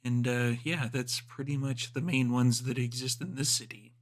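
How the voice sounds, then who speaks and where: Running a tabletop role-playing game, a man narrates and voices the action at normal speed in a medium pitch with little pitch movement. As game master, he speaks offhandedly and uses many fillers.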